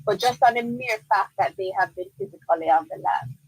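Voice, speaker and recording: A woman's voice: mid-range voice, brisk, breathy edge, no echo, low-quality recording. A woman with a Jamaican accent, a lawyer answering listener questions on a radio call-in show, explaining firmly and repeating key points. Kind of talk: radio call-in legal advice. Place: radio studio.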